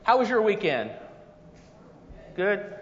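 A man's voice: high-pitched, very animated, takes it slowly, slight background noise. A man filling in as guest preacher, giving a folksy, conversational sermon with personal stories. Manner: folksy and conversational, with rising energy. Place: church sanctuary. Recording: long reverb, dull lo-fi sound.

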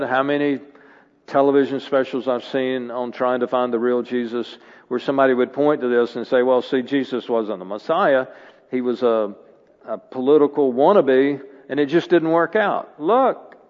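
A man preaching a sermon as a guest preacher, earnest and rising to emphatic bursts. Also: mid-range voice. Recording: dull sound with long hall reverb.

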